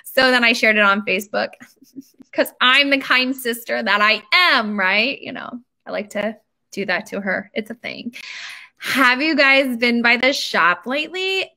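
A chatty woman hosts a casual live stream, speaking straight to her viewers in a high, lifted voice. Her tone is bright and crisp, and her talk is informal and upbeat, full of fillers and quick asides. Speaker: bakery owner hosting a live stream. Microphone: computer camera mic.

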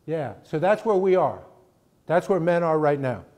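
A middle-aged guest lecturer with a slightly high, slightly mellow voice speaks animatedly at a moderate pace. Emphatic and conversational, his college lecture is punctuated by frequent "right?" check-ins with the audience.

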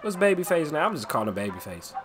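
A young man doing casual, slangy gameplay commentary at home, animated and trash-talking. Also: on the high side, fast talker. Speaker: gaming channel host. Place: at home, late at night. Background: background music.

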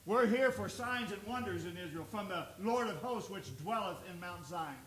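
A man's voice: high voice, expressive, moderate pace, few pauses, fairly bright tone. A male pastor preaching a sermon, reading scripture aloud and building emphasis. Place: church sanctuary. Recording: echoey church room with faint noise.

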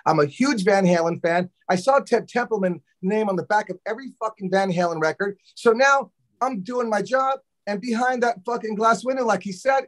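A man with a fairly high voice tells a studio story in a loose, animated way. He swears freely and acts out everyone's lines as he goes. He is a drummer from Los Angeles, chatting as a guest. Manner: animated, profane, acts out quotes. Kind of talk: casual storytelling interview.

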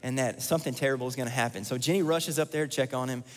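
A man's voice: medium pitch, rapid-fire. A man preaching a sermon as pastor, earnest and repeating key lines for emphasis. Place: church sanctuary. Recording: long church hall reverb.

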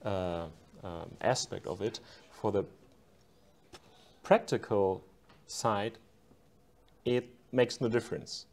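A man discussing his own book in an academic conversation, careful and halting as he searches for words. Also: on the low side, creaky, a little mellow.

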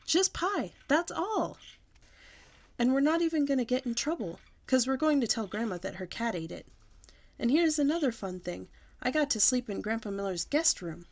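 A woman storyteller reading a children's book aloud with expressive, lively delivery. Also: on the high side, brisk.

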